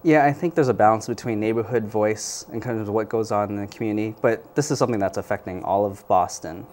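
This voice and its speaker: A man, a community organizer guest in a news interview, answering in a measured, thoughtful way with frequent fillers. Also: on the low side, darkish tone, slight background noise.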